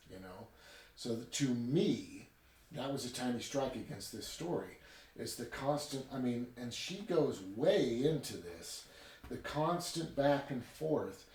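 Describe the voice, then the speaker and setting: A man reviewing a book in a casual chat, retelling it in an animated way with chatty asides. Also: medium pitch, a little slow. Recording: roomy sound from a distant mic with faint ambience.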